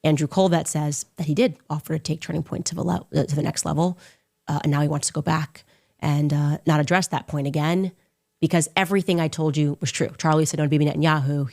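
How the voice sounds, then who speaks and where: Sarcastic, combative woman host. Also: fast. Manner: sarcastic, mocking impressions in a high voice; combative, emphatic. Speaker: commentary show host. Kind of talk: opinionated commentary monologue.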